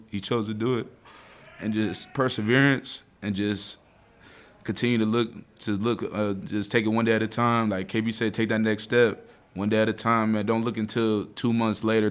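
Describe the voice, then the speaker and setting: Young male athlete, twenties, deep steady voice, casual speech, holding back tears. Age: 20s. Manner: choked up, near tears, heartfelt; casual speech, says "man" often. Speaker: college football player. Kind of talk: emotional postgame interview.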